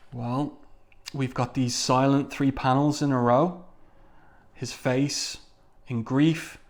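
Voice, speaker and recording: A man giving casual commentary as he reviews a comic book, often hesitating and filling pauses with "uh" while he describes each scene. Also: mid-range voice, darkish tone.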